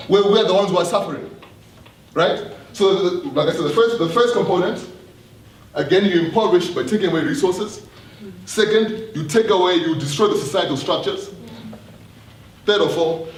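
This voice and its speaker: A man giving an earnest live talk to an audience, often repeating himself and putting questions to the room. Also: sits high. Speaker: speaker addressing an audience. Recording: roomy hall, distant mic, faint noise.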